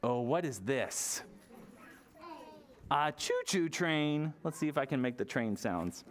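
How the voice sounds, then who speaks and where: A library storytime leader reading a picture book aloud to toddlers, playful and animated, with gasps and silly sounds. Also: medium pitch, slow, a little hiss or hum. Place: public library storytime session.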